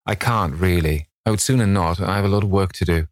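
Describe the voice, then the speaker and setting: An earnest, anxious painter who pleads with quiet devotion, as a man reading puts him on. He sounds deep-voiced and close in a dry recording. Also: a little fast, no room sound, lightly acted.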